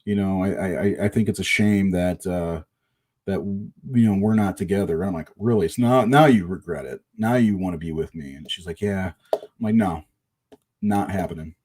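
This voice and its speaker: A man's voice: low voice, moderate pace, a little mellow, husky. A middle-aged man casually telling a long personal story, rambling and swearing, with restarts.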